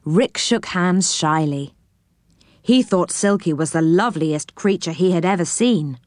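Slow, expressive woman reading a storybook. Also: lowish voice, no room sound, studio quality. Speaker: narrator. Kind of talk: storybook read-aloud.

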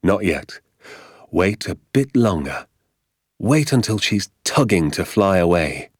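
A man voicing a calm, patient storybook father. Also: sits low, slow pace, slightly rough, no room sound, clean studio sound, exaggerated voice.

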